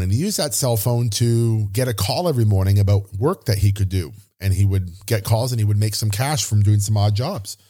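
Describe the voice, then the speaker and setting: A man's voice: mid-range voice, a little mellow. A man hosting a podcast, telling a personal story in an earnest, openly emotional way. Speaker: podcast host.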